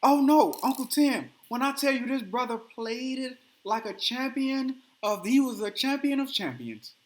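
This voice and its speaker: A man hosting a podcast, telling a story in casual chat and acting out the quotes with animated energy. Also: very high voice, normal speed. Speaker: podcast host.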